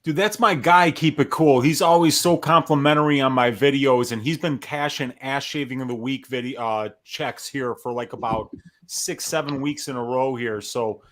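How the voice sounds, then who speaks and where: A man on a live stream, thanking a viewer in a relaxed, drawn-out way. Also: mid-range voice.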